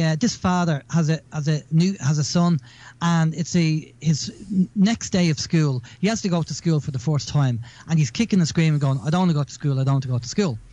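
A man's voice: a little high, warm tone, no room sound, muffled recording. Chatty man, dry close sound. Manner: rambling, repeats words, storytelling. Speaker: radio show host. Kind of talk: casual radio chat.

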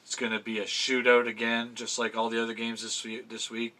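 Surrounded by fan memorabilia in a room at home, a middle-aged man rambles to camera about his NFL football picks, chatty, casually swearing and often cutting himself off to restart. His voice is medium-pitched, monotone, pushed and bright, and a little fast.

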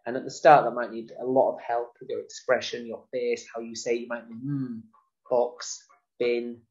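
A man teaching parents about early phonics, modelling words and sounds slowly and explicitly. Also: medium pitch, flat delivery, lo-fi sound. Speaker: nursery teacher. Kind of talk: instructional talk to parents.

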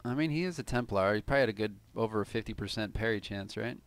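A man's voice: lowish voice, quick pace. A man from Cleveland giving casual, analytical live commentary on a tournament game, swearing now and then. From Cleveland, USA.

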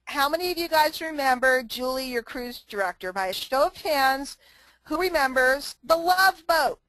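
Brief: woman motivational trainer on a group call, higher voice, dry close sound, emphatic and repetitive, chatty. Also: expressive, moderate pace, fairly bright tone, no echo, poor audio. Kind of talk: motivational talk to a live online group.

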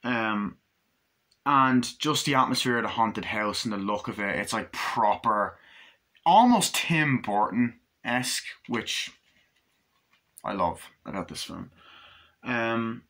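A young man giving a casual spoken film review, rambling and acting out scenes in quick impressions. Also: fairly low pitch, lively intonation, pushed and bright. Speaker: movie reviewer.

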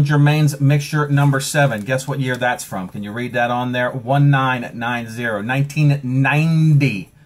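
Joking Eastern Shore Maryland man in his 40s. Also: mid-range voice. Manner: joking, rambling, self-mocking. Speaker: pipe-collecting vlogger. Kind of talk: casual unboxing chat.

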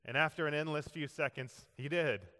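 Bright-voiced preacher in a reverberant hall. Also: male voice, on the high side, normal speed. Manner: animated storyteller who acts out quoted voices. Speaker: pastor. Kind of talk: sermon storytelling. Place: church sanctuary. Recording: long reverb of a large hall.

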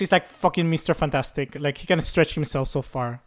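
High-voiced excitable young gamer. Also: male voice, fairly quick, few pauses. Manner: excitable, swears often, yells at the game. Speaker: gaming YouTuber. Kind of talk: live commentary over his own game.

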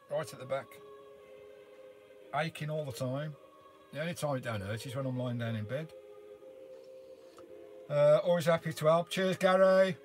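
An older man hosts a relaxed live stream from inside his camper van, greeting viewers one by one as mate or sugar. His talk rambles along with plenty of "uh" fillers at a mid pitch. Faint music plays underneath. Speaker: vanlife live-stream host. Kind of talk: casual live-stream chat reading viewer comments.

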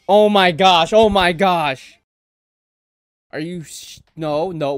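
A man reacting live to an anime episode, excitable and exclaiming, swearing in casual slang. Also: high-pitched, takes it slowly, pauses often, clean tone, no echo, studio quality.

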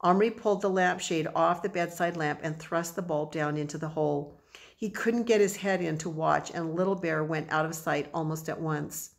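A woman with a low voice and some vocal fry narrates a children's audiobook, telling the story in a measured, expressive way.

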